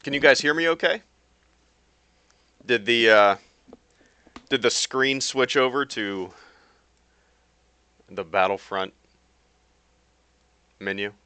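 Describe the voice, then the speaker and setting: A man's voice: mid-range voice, takes it slowly, long pauses, bright, forceful tone, clear, resonant tone, dry recording. A man chatting casually with viewers on a live stream while he plays a game, rambling with lots of fillers and restarts. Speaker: YouTube streamer.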